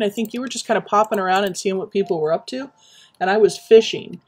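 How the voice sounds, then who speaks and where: A woman's voice: mid-range voice, fast. Lady rambling n reminiscing while she builds in minecraft, lots of ums. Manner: rambling, friendly, reminiscing, many "um"s. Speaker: Minecraft streamer. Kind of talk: casual chat while building in a game.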